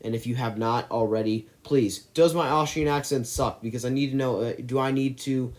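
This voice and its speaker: A man's voice: mid-range voice, steady tone, fairly quick. A man hosting a movie channel, ranking his favorite films in a casual, enthusiastic and rambling way, with frequent restarts.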